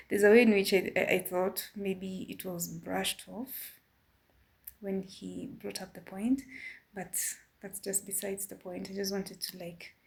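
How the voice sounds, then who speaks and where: A woman with a Kenyan accent giving a careful opinion in a casual vlog, measured and a bit apologetic. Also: medium pitch, creaky, darkish tone. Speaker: vlogger.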